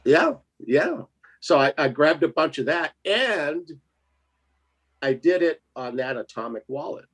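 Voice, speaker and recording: A man's voice: on the high side, sing-song, unhurried, fairly bright tone. A man telling a story in casual chat, laughing often and acting out the other voices in it. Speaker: co-host.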